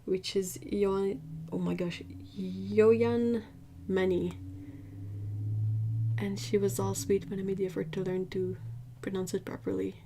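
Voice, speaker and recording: A woman hosting an art livestream, chatting casually with viewers, emphatic and lively. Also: medium pitch, a little slow, gravelly, background noise. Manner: chatty, answers viewers' chat.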